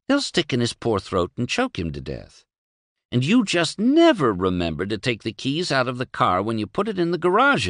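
A man's voice: lowish voice, fairly bright tone, dry recording, clean studio sound, full character voice. A man voicing an anxious, fussy middle-aged wife who pleads and frets. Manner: pleading, fretful.

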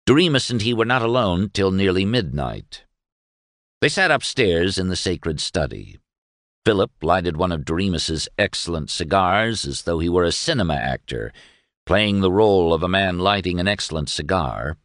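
A man narrating an audiobook in a measured, wry storytelling manner. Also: deep voice, expressive, a bit bright, dry recording, clean studio sound.

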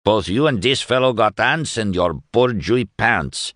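Mocking, chuckling agitator, animated, dry sound; male narrator voices him. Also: lowish voice, measured pace, dry recording, voice pushed up.

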